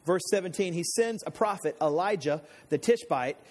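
A man's voice: high voice, lively intonation, normal speed, a little mellow. A man preaching a casual Bible-teaching sermon, retelling scripture stories in everyday slang like a chatty storyteller. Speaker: pastor.

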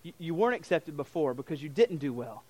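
A young adult man, a pastor, preaching a sermon in an animated way, acting out quoted voices with fillers and restarts. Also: a little high, fast talker.

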